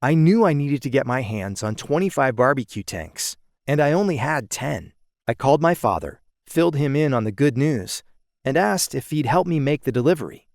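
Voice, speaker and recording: A man narrating his own first-person audiobook in a steady storytelling manner, recorded on a close studio mic. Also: mid-range voice, moderate pace, no room sound.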